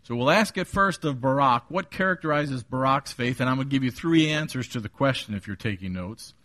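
A man's voice: mid-range voice, lively intonation, bright, forceful tone. Earnest middle-aged male preacher. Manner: earnest preaching, reads scripture slowly and deliberately. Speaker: pastor. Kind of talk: evening sermon.

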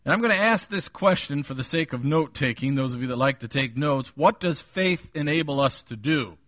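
A man's voice: fairly high pitch, lively intonation, a little fast, a bit bright, no room sound, studio quality. A man preaching a Sunday sermon, stressing and repeating key phrases. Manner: emphatic, repeats key phrases, occasional chuckle. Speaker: pastor.

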